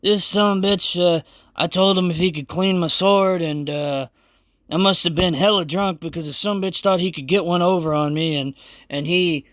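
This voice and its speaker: A man voicing a loud, drunk adult male samurai who rambles angrily and slurs. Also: high-pitched, steady tone, normal speed, no room sound, clean studio sound, pitched above the performer's own voice. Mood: drunk, angry. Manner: rambling, angry, slurred.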